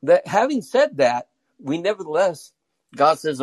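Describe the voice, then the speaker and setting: A man's voice: a little high, sing-song, unhurried, dry recording. Caller, male, phone line, rambling, stumbling delivery, dry sound. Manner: rambling, repeats words while building an argument. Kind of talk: casual call-in discussion. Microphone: phone through a call-in app.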